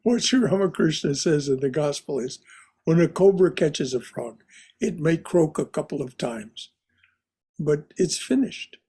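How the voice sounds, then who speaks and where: Slow, husky-voiced male spiritual teacher. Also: on the high side, lively intonation. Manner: repeats phrases, soft and contemplative. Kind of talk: slow reflective class teaching.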